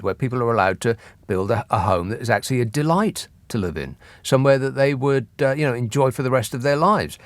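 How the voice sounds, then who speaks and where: A man's voice: mid-range voice, no room sound. A man hosting a radio phone-in, talking in a dry, sardonic way that builds into a rant. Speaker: radio talk show host. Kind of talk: late-night phone-in chat. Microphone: studio mic.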